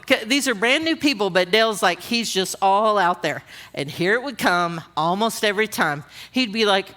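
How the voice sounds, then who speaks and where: A woman's voice: mid-range voice, expressive, moderate pace, few pauses, sharp tone. A woman giving a conversational, humorous sermon at a women's conference, often asking the audience questions. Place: church auditorium.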